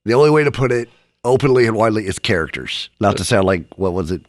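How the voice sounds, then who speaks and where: A man's voice: lowish voice, animated, fast, no room sound. Male comic guest, dry studio sound, rambling raunchy storyteller. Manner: rambling anecdote, laughing, crude. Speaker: podcast guest, comedian. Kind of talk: casual storytelling. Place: small hot studio.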